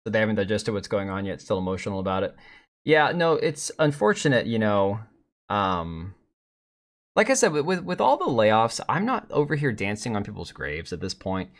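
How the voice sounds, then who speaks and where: A man's voice: lowish voice, big pitch swings, moderate pace. A middle-aged man hosting a live stream, rambling bluntly with profanity as he reads and answers chat.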